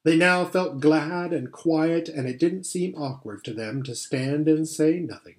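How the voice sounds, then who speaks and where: Man reading a storybook aloud. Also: on the high side. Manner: measured, steady reading with occasional slips. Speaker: audiobook reader. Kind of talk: storybook narration.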